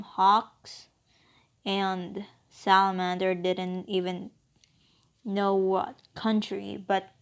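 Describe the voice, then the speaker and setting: A woman narrating an improvised fan story in a halting, meandering way with many fillers. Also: medium pitch.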